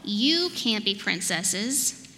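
A woman's voice: medium pitch, sing-song, drawn-out words, pushed and bright, heavily acted. A woman voicing a cranky little girl at bedtime, with stubborn, whiny refusals, while reading a picture book aloud. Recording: reverberant church hall, faint noise.

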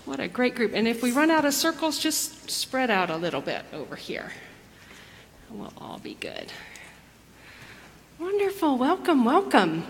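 A woman pastor giving a gentle children's message and sermon in church. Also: fairly high pitch, slight background noise. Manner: gentle, storytelling. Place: church sanctuary. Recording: long church reverb.

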